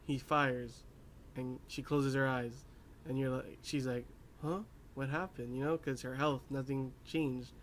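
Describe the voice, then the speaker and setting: Young guy rambling through an anime recap, lots of you knows, a bit of hiss behind. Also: medium pitch. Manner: rambling, many fillers, laughs at his own asides. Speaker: anime reviewer. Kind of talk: casual episode recap.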